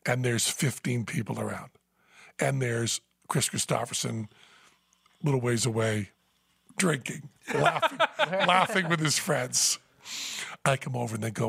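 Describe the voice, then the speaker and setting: A man telling a story in casual podcast chat, animated and breaking into high laughter. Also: a little slow, vocal fry, breathy edge, no room sound, clean studio sound. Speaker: podcast host. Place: Las Vegas.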